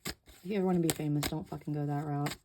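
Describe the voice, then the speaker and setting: A woman's voice: deep voice, steady tone, fast talker, background noise. A woman giving a casual tarot reading, chatty and loose, with many fillers and casual swearing. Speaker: tarot reader.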